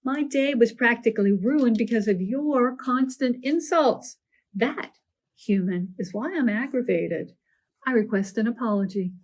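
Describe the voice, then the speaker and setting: A woman's voice: a little high, measured pace, a little mellow, low-quality recording. A woman voicing a pompous, easily offended female snail in a storybook read-aloud, speaking formally and haughtily. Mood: haughty.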